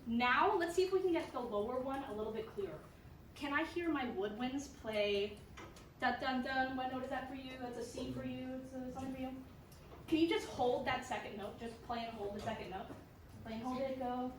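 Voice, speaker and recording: During a school band rehearsal, a woman offers upbeat encouragement and sings out rhythms for the players. She talks fairly quickly in a high voice. A distant mic in an echoey room captures her over playing instruments and slight background noise.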